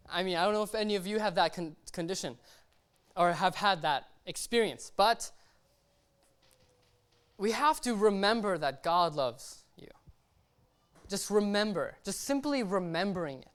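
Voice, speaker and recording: A young man preaching a laid-back sermon, his voice smooth and clear. He keeps checking in with his listeners and drops casual slang as he goes. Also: high voice, moderate pace. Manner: chatty, keeps checking in with "right?" and "okay?"; slangy and relaxed. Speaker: lay preacher. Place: church service.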